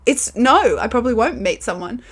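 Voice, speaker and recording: A woman's voice: on the high side, lively intonation, brisk, slightly rough. A young woman with an Australian accent chats alone into her camera for a podcast. She rambles candidly, piling up fillers and the odd curse as she thinks aloud. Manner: candid, chatty, lots of fillers, swearing. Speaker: podcast host. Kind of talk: casual solo podcast chat. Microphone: camera with built-in mic.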